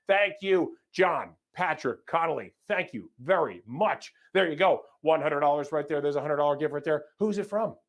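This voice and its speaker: A man's high-pitched voice drives a live fundraising appeal. He announces gifts in an energetic, upbeat stream and trips over the odd name as he thanks each donor. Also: moderate pace, few pauses. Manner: stumbles over names. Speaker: fundraiser emcee.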